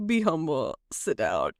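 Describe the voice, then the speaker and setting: An American woman co-hosts a casual podcast in a mid-range voice, laughing often and telling stories with plenty of feeling while acting out voices in her anecdotes. The recording is studio quality with no room sound.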